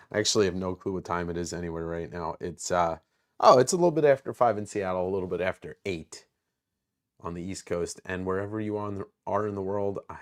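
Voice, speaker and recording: Rambling low-voiced man chatting on a live stream. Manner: rambling, self-mocking, greets chat viewers by name. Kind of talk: casual live stream chat.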